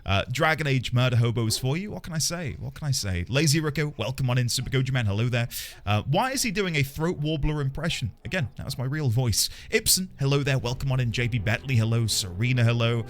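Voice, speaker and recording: A man's voice: mid-range voice, fast. A man live-streaming a game, chatting casually with viewers, greeting them by name and playing up mock outrage.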